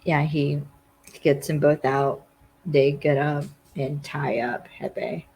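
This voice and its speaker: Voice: medium pitch, fairly even intonation, slow pace, a little mellow, breathy edge, rough recording. A podcast co-host casually retells a TV episode scene by scene, leaning heavily on "like" as a filler. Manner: rambling retelling full of "like" fillers. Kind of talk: casual TV episode recap chat.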